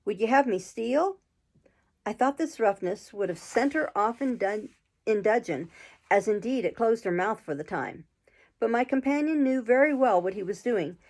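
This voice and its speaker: A woman reading a classic adventure novel aloud in a steady, measured storytelling voice. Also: a little high.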